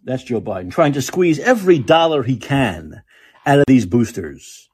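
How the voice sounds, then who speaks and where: With a medium-pitched, sing-song voice that is a little mellow and slightly rough, this man speaks at normal speed. He hosts a podcast and spends it on an angry, sarcastic, profanity-heavy political rant.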